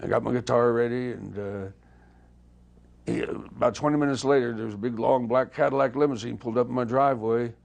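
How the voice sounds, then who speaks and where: An older man telling anecdotes in a casual interview, lively and acting out the dialogue he remembers. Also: mid-range voice, brisk, vocal fry, highs cut off. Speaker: interview guest, former touring guitarist.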